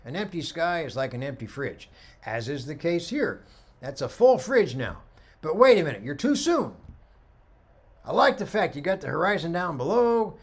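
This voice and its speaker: Animated middle-aged male photography teacher. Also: on the high side, moderate pace, husky. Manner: animated storyteller, acts out dialogue. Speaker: photography instructor. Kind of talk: lecture with slide commentary.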